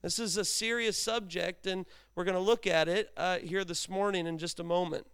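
A man's voice: high-pitched, fairly even intonation, normal speed, a bit bright, clear, resonant tone. A middle-aged man preaching a sermon in a conversational way, acting out bits of dialogue and pushing his voice up for emphasis. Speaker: pastor.

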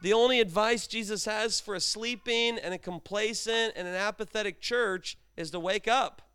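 A man's voice: high voice, normal speed, bright, forceful tone, clear, resonant tone. A middle-aged man preaching a sermon in a conversational way, acting out bits of dialogue and pushing his voice up for emphasis. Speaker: pastor.

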